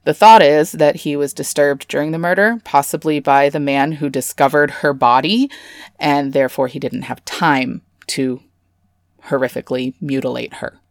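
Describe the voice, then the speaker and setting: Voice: medium pitch, normal speed, clear, resonant tone, dry recording. Dry, sarcastic true-crime podcast host. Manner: sarcastic asides, casual swearing. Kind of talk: comedic true-crime narration.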